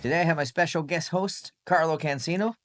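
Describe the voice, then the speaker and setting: A man's voice: fairly high pitch, fairly quick, a bit bright, soft background music. A man hosting a podcast, chatting casually and rambling with frequent restarts. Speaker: podcast host.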